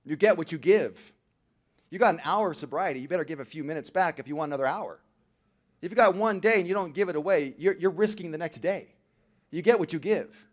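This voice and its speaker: Young man, slightly high-pitched voice, storytelling speaker at a recovery meeting, slangy, acts out the people in his tale. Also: fast talker. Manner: animated, slangy, acting out other people's lines. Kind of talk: storytelling speech to a crowd. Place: convention hall.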